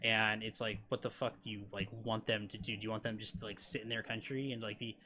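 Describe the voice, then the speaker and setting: A man's voice: on the low side, little pitch movement, fast, bright, forceful tone, a little hiss or hum. An American man giving casual reaction commentary, rambling with lots of swearing and filler words. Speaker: reaction video host.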